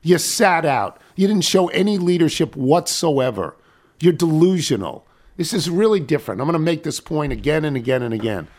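A man's voice: on the high side, expressive, moderate pace, a little mellow. Ranting older talk radio host man. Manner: indignant, ranting, rhetorical questions. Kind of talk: casual talk radio banter.

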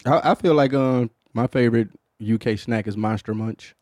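A man's voice: mid-range voice, moderate pace, a little mellow, no echo, clean studio sound. Profane, loose-talking man hosting a podcast. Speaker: podcast host. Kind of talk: casual chat.

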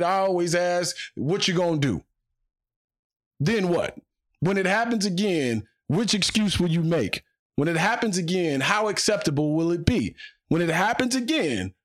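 A man hosting a solo sports podcast, his voice sitting a little higher than most men's. He talks in a fired-up, emphatic way and hammers his points home by repeating phrases.

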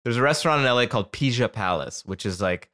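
A man's voice: medium pitch, animated, quick pace, bright, forceful tone. A young man co-hosting a casual food chat, enthusiastic, joking and swearing freely. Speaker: podcast co-host.

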